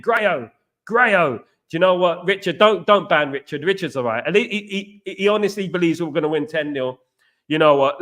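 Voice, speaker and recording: A football channel host runs a live stream, chatting with viewers, answering their comments, greeting them by name, and relying on stock phrases. His voice sits high with a fairly bright tone.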